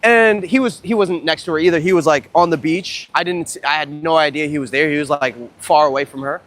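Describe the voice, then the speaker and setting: Excitable, profane young man on a beach. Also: fairly high pitch, fairly quick. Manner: profane, excitable, rambling storytelling. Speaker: dating coach livestreamer. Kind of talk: casual livestream vlog. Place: outdoors at a beach.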